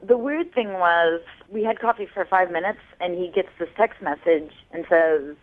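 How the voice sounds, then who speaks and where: Over a tinny phone connection, this radio caller shares her dating story in a chatty, slightly sassy way. She speaks with a fairly low pitch at a moderate pace, rarely pausing.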